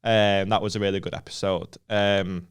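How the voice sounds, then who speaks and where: A man's voice: low voice, little pitch movement, moderate pace, smooth. A young northern English man co-hosting a comedy podcast in casual, sweary banter, laughing often. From Northern England. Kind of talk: casual chat.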